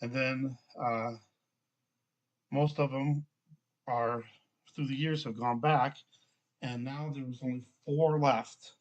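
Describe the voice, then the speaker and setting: A man reading scripture aloud and commenting between passages, reading slowly and steadily and now and then stumbling on a name. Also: mid-range voice, fairly even intonation, lo-fi sound. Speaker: bible reader.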